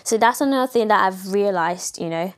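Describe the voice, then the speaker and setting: A young woman hosting a casual solo podcast, chatting with an American-leaning accent and laughing often. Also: a little fast. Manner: chatty, laughs often, acts out quoted people in higher voices. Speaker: podcast host.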